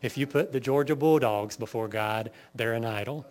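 A man preaching a sermon, firing off lists and rhetorical questions to his congregation. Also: medium pitch. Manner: lively preaching, lists sins in rapid bursts, rhetorical questions. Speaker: pastor.

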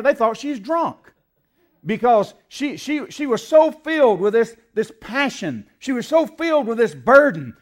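High-voiced preacher swelling to loud peaks. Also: male voice. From United States. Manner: emphatic, rising to loud peaks on scripture quotes; asks the congregation to fill in words. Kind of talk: sermon.

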